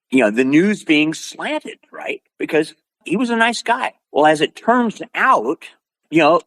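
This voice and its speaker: An older man from Oregon, a martial arts instructor telling stories as an interview guest, lively and acting out quotes. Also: a little high, breathy edge, no echo. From Oregon, USA. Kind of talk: animated storytelling.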